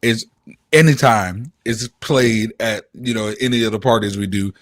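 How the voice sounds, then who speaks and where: A man's voice: fairly low pitch, moderate pace, no echo, studio quality. A man hosting a casual interview show and running a radio station, talking in a laid-back way and often tagging on "you know what I'm saying". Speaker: host, radio station owner.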